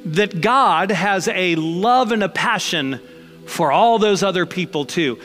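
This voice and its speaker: A man's voice: high voice, lively intonation, slow, a bit bright, big-room sound, soft background music. A man preaching a sermon as pastor, conversational and emphatic, mixing blunt jokes into his points.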